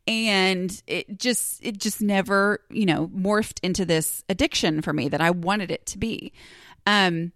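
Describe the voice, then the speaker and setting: A woman's voice: mid-range voice, normal speed, a bit bright, no room sound. Forties lady podcaster rambling casually, lots of ums, self-deprecating, super dry close sound. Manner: chatty and self-deprecating, many ums and asides. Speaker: podcast host. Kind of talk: casual confessional monologue.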